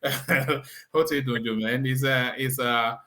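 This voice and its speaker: A man's voice: mid-range voice, fairly even intonation, a little slow, bright, forceful tone. A man hosting a casual live discussion, chatty, laughing often and stumbling over repeated words. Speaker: host.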